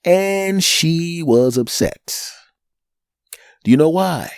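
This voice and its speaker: A man's voice: fairly high pitch, slow pace, pauses often, clear, resonant tone, dry recording, clean studio sound. A man with a Northeastern US accent hosting a solo podcast, telling a story animatedly and acting out the people in it. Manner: animated, acts out quoted people. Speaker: podcast host.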